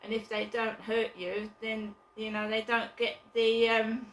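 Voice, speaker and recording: Woman vlogging at home, casual rambling chat, blunt, bright higher voice, echoey room. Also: completely flat delivery, measured pace, a little hiss or hum. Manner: chatty, rambling, blunt with swearing. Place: her flat.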